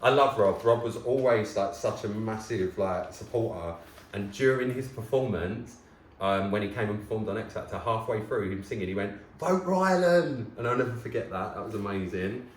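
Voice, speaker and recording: Excitable man with deep voice. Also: normal speed, reverberant, a little hiss or hum, low-quality recording. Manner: excitable, nostalgic, gasping and chatty. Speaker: vlogger host. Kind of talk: casual chat.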